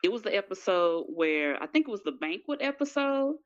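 A woman guest on a podcast, chatting casually in a relaxed, slangy way. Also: mid-range voice, fairly quick. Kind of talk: casual chat. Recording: dull lo-fi sound.

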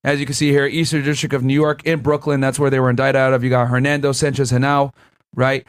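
A man, a former prosecutor, giving casual, profane, animated commentary while reacting to a crime documentary. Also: medium pitch, quick pace, smooth. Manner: animated, profane, laughing asides.

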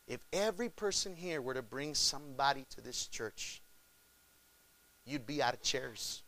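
A male pastor preaching a sermon, addressing the congregation as folks and swinging from shouts to hushed pleas. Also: mid-range voice, normal speed.

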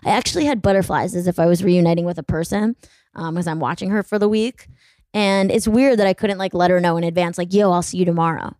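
A woman's voice: fairly low pitch, fast, mellow, no echo. A young woman hosting a podcast, chatting casually in a rambling, self-deprecating way full of fillers. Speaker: podcast host. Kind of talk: casual solo chat.

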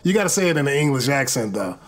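A man's voice: medium pitch, very animated, racing. A man co-hosting a comedy call-in line, teasing a caller in a playful, mocking way. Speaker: co-host answering a call-in line. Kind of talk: casual prank-call chat.

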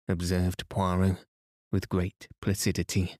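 A man reading a story aloud as a calm bedtime podcast host, soothing and even. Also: low-pitched, slow, no echo, clean studio sound.

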